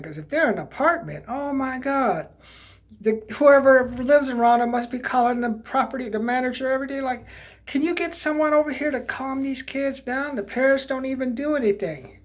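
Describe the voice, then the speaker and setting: A hoarse man telling a story in a casual vlog, rambling and indignant with frequent restarts. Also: high voice. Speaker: vlogger.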